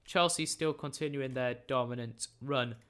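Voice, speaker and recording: A man's voice: medium pitch, moderate pace, fairly bright tone, smooth. A man hosting a football podcast, reading out scores and lineups in a chatty, jokey, opinionated way. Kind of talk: casual football results roundup.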